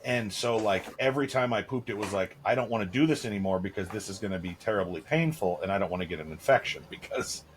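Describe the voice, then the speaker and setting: A man's voice: fairly low pitch, fast talker, hardly any pauses, slight background noise. A man in his thirties, co-hosting a podcast, telling crude, candid stories in casual chat with lots of fillers. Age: 30s. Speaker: podcast co-host.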